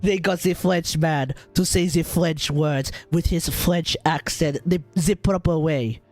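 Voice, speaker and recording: An Australian game streamer, loud and excitable, with crude, running commentary. The pitch sits mid-range, and faint game music plays under the voice. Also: measured pace. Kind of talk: live gameplay reaction.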